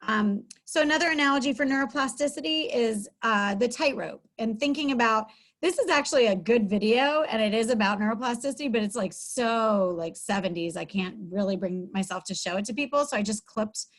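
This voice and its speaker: A woman's voice: a little high, brisk, hardly any pauses, fairly bright tone. A middle-aged woman, a school counselor, giving an upbeat, chatty webinar lesson from home over a video call, with many fillers. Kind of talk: webinar teaching talk.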